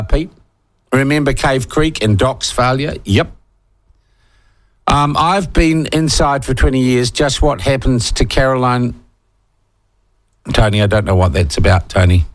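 A man in his sixties with a New Zealand accent, hosting talkback radio in a heated, indignant rant, hammering short phrases and reading out listener texts. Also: medium pitch. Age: 60s. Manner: reads listener texts aloud.

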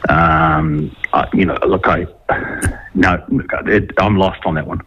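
A man's voice: sits low, steady tone, breathy edge, dry recording, dull audio, faint music behind. A man speaking hesitantly as a panelist in a radio discussion. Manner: hesitant, halting.

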